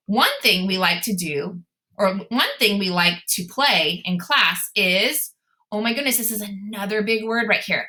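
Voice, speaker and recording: A bright, lively young woman leads a children's phonics lesson, asking her class questions and answering them herself in an encouraging, sing-song voice. Her voice rings in an echoey room. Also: medium pitch. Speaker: teacher.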